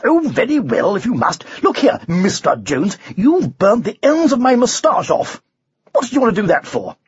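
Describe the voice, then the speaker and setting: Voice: medium pitch, big pitch swings, normal speed, husky, no room sound, pitched above the performer's own voice. A reader voicing a clumsy, boastful male knight, indignant and self-pitying, in a storybook reading. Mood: indignant flustered. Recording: dull lo-fi recording.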